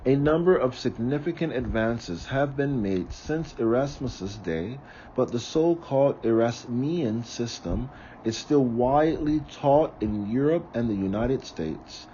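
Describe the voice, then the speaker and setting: A man reading aloud from a book, slowly and carefully, sometimes correcting himself. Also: mid-range voice, lively intonation, dark tone, dull audio, slight background noise. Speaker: reader of a book on ritual.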